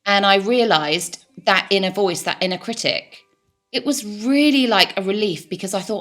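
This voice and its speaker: A woman's voice: mid-range voice, lively intonation, normal speed, fairly bright tone. A woman in her forties, a life coach, talking candidly and reflectively about her own experience, with plenty of fillers and restarts. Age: 40s. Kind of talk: reflective personal talk.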